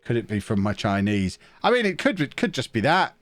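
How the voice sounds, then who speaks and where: A man's voice: medium pitch, huge pitch swings, brisk, a bit bright, dry recording, faint music behind. A man with a sniffly, stuffed-up nose, chatting casually and rambling through a live stream while he plays a management game.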